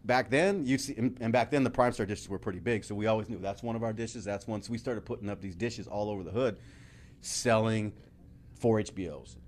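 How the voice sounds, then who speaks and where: Middle-aged male guest, low-pitched, lively storyteller who laughs and curses freely. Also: a little fast. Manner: animated, laughing, swears casually. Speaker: podcast guest, entrepreneur. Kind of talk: casual interview storytelling.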